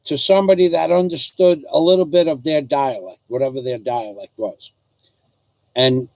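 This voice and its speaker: A man's voice: fairly high pitch, moderate pace, darkish tone, dry recording, poor audio. Rambling older man telling stories. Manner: rambling, digressive, full of restarts. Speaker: father recounting his life. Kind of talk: casual storytelling.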